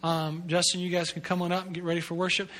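A man giving a Sunday sermon as a pastor in a church sanctuary, his voice pitched high and ringing bright. He stays earnest and conversational, doubles back on words for emphasis, and slips in wry jokes at his own expense. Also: flat delivery, quick pace. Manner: earnest and conversational, with self-deprecating asides; repeats words as he builds emphasis.

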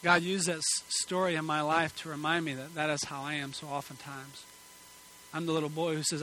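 A man preaches a sermon from a church stage into a microphone. His voice is bright and forceful and sits a little high. He swings between emphatic calls and quiet pleading, and a faint hum runs under the recording. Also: little pitch movement, brisk, rough recording. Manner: earnest, emphatic preaching that drops to soft pleading. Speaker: pastor. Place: church sanctuary.

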